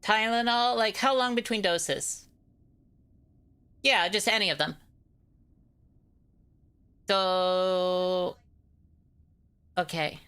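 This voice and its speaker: A woman streamer in pain and low on energy, rambling casually with her chat and swearing now and then. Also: drawn-out words, pauses often, fairly bright tone, clear, resonant tone, no echo.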